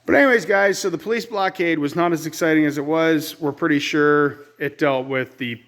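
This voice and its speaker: A man's voice: fairly high pitch, a little fast, fairly bright tone. A man from Ontario, telling a rambling, exasperated story in a casual outdoor vlog on his rural homestead. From Ontario, Canada. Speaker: vlogger.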